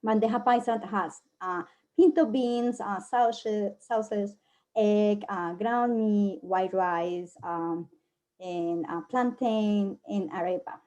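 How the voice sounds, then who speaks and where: A woman from Colombia with a Colombian Spanish accent, giving a casual presentation, often pausing with fillers while she searches for words. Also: mid-range voice, dark tone. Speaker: guest presenter.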